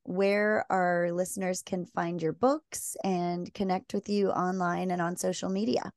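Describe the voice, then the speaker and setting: A woman's voice: fairly low pitch, level tone, measured pace, no room sound, clean studio sound. A woman hosting a faith podcast, asking questions and affirming her guest in a casual interview. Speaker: podcast host.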